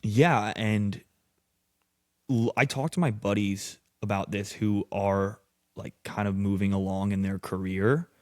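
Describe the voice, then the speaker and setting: A man's voice: on the low side, steady tone, unhurried, dry recording, studio quality. A man as a podcast guest, telling stories loosely and casually, swearing a lot and acting out what people said. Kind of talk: casual storytelling.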